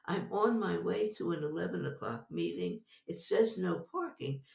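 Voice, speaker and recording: An older woman, a psychologist being interviewed, telling a personal story in an animated way and laughing often. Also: lowish voice, normal speed, creaky, echoey room, distant mic. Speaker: guest, psychologist.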